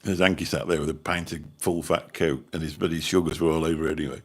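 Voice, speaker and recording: Birmingham man, livestream host, husky deep voice, meandering casual chat. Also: steady tone, fast talker. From Birmingham, England. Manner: rambling, chatty, mild swearing. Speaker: channel host chatting with viewers.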